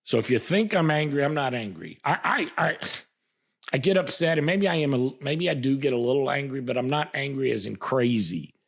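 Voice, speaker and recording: A man with a husky, gravelly voice talks through a political commentary monologue as a podcast host. He is passionate and repetitive, often stalling and restarting his sentences. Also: mid-range voice, lively intonation, fairly quick.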